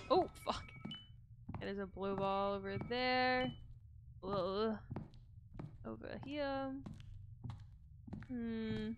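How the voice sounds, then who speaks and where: With game music and background noise behind her, a young woman with a slightly high voice plays a horror game on stream. She's profane and jumpy, cursing freely and chatting with her viewers.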